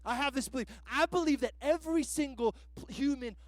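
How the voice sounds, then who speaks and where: A man's voice: very high-pitched, fairly quick, dry recording. A man preaching a sermon as a guest pastor, in a casual, slangy way that is full of "like" fillers.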